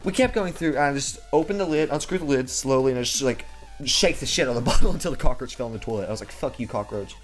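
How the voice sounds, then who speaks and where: A man's voice: mid-range voice, rapid-fire, faint music behind. Profane rambling young man telling a story. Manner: profane, rambling, with many restarts and crude asides. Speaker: comedic storyteller. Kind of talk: rambling comedic anecdote.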